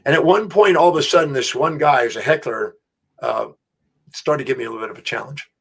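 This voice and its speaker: A middle-aged man, an interview guest, telling a story in an animated, emphatic way, with restarts. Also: mid-range voice, quick pace, breathy edge. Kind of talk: storytelling anecdote.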